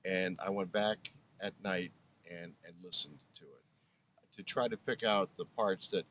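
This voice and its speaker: Older man, low earnest voice. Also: a little slow, fairly bright tone, dull audio, slight background noise. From Brooklyn, New York. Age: 70s. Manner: earnest, reflective, restarts phrases often. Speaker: guest, former radio broadcaster. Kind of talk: interview storytelling.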